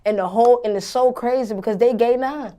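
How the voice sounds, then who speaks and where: A woman's voice: a little high, fairly quick, warm tone. A young woman rapper answering interview questions in a blunt, confident, slangy way.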